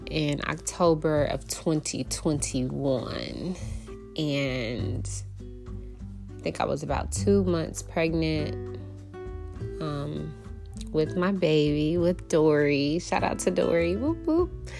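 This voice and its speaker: A young woman with a notably low voice tells a personal story in a heartfelt, animated way, often breaking into laughter. Faint guitar music plays softly behind her. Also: takes it slowly, creaky, pauses often. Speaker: podcast host.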